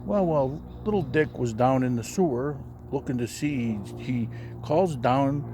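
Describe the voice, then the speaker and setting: A man spinning a story in a lively, swooping voice that leaps up whenever he quotes someone. His pitch sits in an ordinary middle range. A faint hiss of noise sits under the recording. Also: unhurried. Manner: animated, raising his voice high for quoted characters. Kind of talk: casual anecdote telling.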